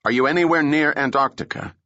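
A man's voice: on the low side, animated, normal speed, pushed and bright, no room sound, dull audio. A man voicing a tense male intelligence official who questions sharply and accusingly in an audiobook reading. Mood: sharp, worried.

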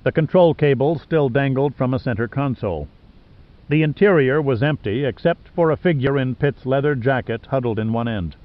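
A man reading an audiobook in steady scripted narration. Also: medium pitch, moderate pace, phone-quality sound.

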